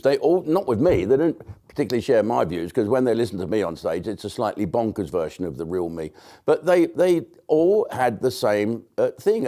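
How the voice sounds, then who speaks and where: A British comedian talking in a rambling, blunt monologue to camera, with sarcastic asides and swearing. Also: male voice, medium pitch, warm tone. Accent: British English. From Britain.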